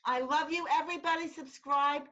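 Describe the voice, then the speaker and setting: A woman's voice: sits high, steady tone, fairly quick, pushed and bright, muffled recording. A woman hosting a casual web-show interview over a video call, effusive and encouraging. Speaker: host.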